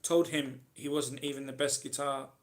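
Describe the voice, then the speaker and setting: A man's voice: mid-range voice, little pitch movement, moderate pace. A man hosting a casual live question-and-answer stream, reading out viewers' comments and answering them in a rambling, chatty way full of ums and restarts.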